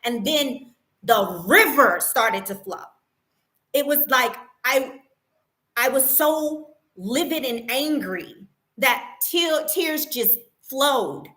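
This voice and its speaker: Indignant woman vlogger, high bright voice, emotional storytelling with restarts. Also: animated, slow pace. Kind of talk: personal story vlog.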